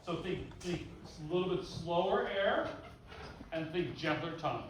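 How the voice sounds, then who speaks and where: A man's voice: a little high, lively intonation, measured pace, noisy background. A man working as a band clinician, giving rehearsal instructions, counting off and singing rhythms on syllables. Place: large rehearsal room. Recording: echoey rehearsal hall, far mic. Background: band playing.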